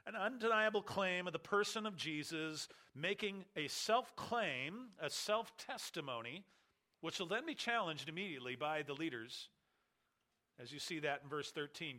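Male pastor, slightly high and bright tone, emphatic expository preaching with deliberate repetition. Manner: emphatic, repeats key words, explains Greek terms. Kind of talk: expository sermon.

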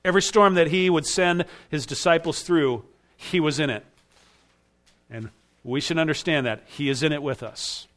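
A man's voice: fairly high pitch, moderate pace, a bit bright. A man preaching an expository sermon with emphatic rising bursts. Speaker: pastor.

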